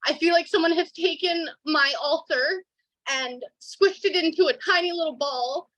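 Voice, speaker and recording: Twenties woman, earnest emotional testimonial, high and bright, dry. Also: normal speed, no echo, poor audio. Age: 20s. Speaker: customer giving a testimonial. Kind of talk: casual online call testimonial.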